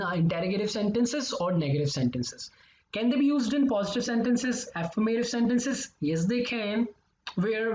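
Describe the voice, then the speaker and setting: A man's voice: sits high, darkish tone, slight background noise. A male English teacher explaining grammar step by step. He repeats his examples and keeps checking in with "okay?" and "right?". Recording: echoey, slightly dull recording.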